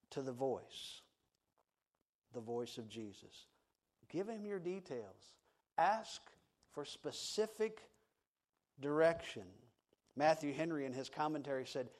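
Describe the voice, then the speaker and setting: A man preaching a sermon, swinging from loud emphatic passages to hushed, quiet tones. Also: on the high side. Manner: slow, deliberate delivery. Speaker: pastor.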